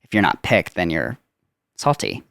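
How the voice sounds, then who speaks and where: A man's voice: sits low, wildly swooping pitch, normal speed, creaky, a bit bright, no echo, studio quality. A young man, a guest on a podcast, chatting casually about his work as a theme park character performer, with many filler "like"s.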